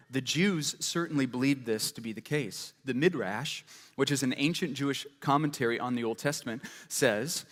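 A male pastor delivers a sermon in a relaxed, conversational way, weaving stories and questions to the congregation into his teaching. His voice sits at a middling pitch. A long hall reverb trails every phrase, as if the sermon was recorded in a large church sanctuary. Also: moderate pace.

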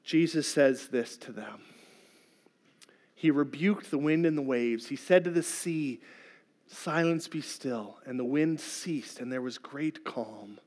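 A man's voice: mid-range voice, a little slow, darkish tone. A middle-aged man preaching a sermon as a pastor, telling a personal story in an earnest, conversational way.

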